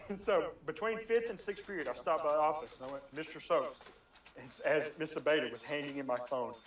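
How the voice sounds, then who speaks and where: Young man, casual storytelling, animated, swearing, slightly high voice, echoey room, distant mic. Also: a little fast. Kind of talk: casual chat among friends.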